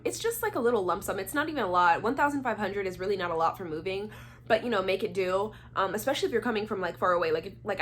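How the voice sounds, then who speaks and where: A woman's voice: mid-range voice, slight background noise. A young woman from Atlanta, Georgia telling a story in a casual, chatty vlog and acting out the voices of the people in it. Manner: chatty, animated, acts out quoted voices. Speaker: vlogger.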